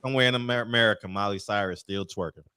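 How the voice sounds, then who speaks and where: A man hosting a casual barbershop chat about boxing, animated and laughing, often mocking others. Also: lowish voice, racing, clear, resonant tone. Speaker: show host.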